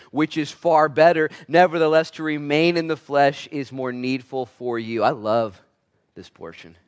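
Animated male preacher with dynamic delivery. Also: medium pitch. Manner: animated preaching, swinging between loud emphatic bursts and quiet asides; acts out voices in quoted lines. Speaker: pastor. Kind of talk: sermon.

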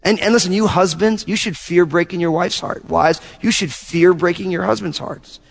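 A man pastor preaching a sermon, telling animated stories and acting out little asides to his congregation. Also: high voice, normal speed, gravelly, long reverb tail. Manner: animated storytelling with acted-out asides.

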